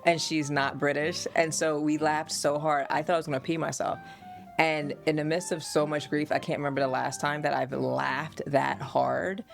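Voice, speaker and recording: A woman from the United States, a podcast host and mother, telling family stories in an animated, casual way and laughing often. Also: low-pitched, normal speed, vocal fry, soft background music.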